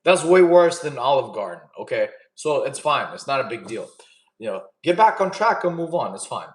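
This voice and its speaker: Lively echoey man coaching a live chat. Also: mid-range voice, normal speed. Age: 30s. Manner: casual, coaching, reads chat questions aloud. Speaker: fitness streamer. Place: camp fire stream setting.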